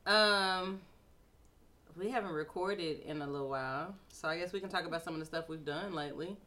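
A woman's voice: on the low side, brisk, bright, forceful tone. A woman co-hosting a podcast, chatting casually and rambling as she thinks aloud. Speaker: podcast co-host. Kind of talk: casual chat.

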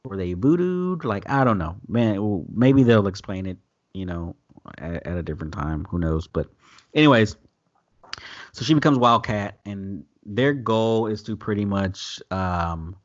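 A man's voice: on the low side, a little slow, no echo, lo-fi sound. A man recapping a TV episode in loose, profane casual chat. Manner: loose, profane, animated retelling with quoted voices. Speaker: podcast host recapping an episode.

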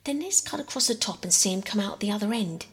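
A woman's voice: medium pitch, lively intonation, quick pace, in a large hall, natural voice. A woman voicing Peter, a practical, bossy boy, in a storybook reading.

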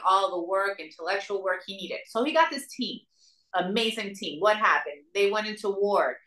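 A woman's voice: mid-range voice, bright, forceful tone. A woman with a Dominican Spanish accent, telling a story earnestly as an interview guest. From Dominican Republic. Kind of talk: casual interview conversation. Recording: roomy sound, distant mic.

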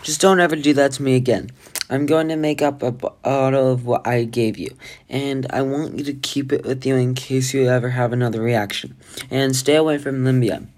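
A reader voicing a kind, fussy male healer who reassures gently while fretting in a storybook read-aloud. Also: medium pitch, steady tone, moderate pace, lightly acted. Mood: reassuring. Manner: gently reassuring, a bit fretful.

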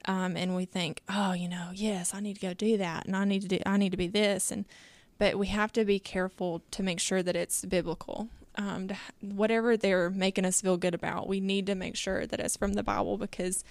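Young woman co-host, gravelly edge, dry close sound, earnest and chatty. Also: medium pitch, flat delivery, brisk, few pauses, no echo. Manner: earnest, chatty, laughs often. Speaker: podcast co-host. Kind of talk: casual faith discussion.

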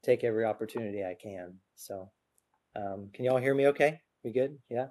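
A man's voice: fairly low pitch, a little fast, darkish tone. A man preaching a sermon to a congregation in a church. He speaks in an earnest, informal way, with light self-deprecating humor. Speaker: guest preacher. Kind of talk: conversational sermon. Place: church service before a congregation. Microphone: adjustable microphone on a stand.

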